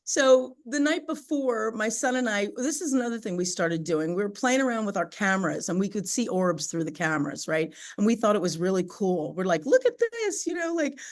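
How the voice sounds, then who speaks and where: A woman's voice: medium pitch, a little fast, few pauses. Chatty woman telling a personal story. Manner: animated, chatty, laughs often, many "you know" and "right?" fillers. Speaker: podcast guest.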